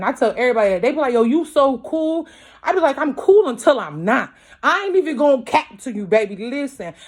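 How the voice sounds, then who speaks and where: A woman, a mother, giving a casual tarot reading at home late at night, talking bluntly with heavy swearing and constant check-ins with her viewers. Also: on the high side. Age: young adult to middle-aged, a mother. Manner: blunt, profane, emphatic, keeps asking "you feel me"; grows louder as she gets worked up. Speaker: tarot reader.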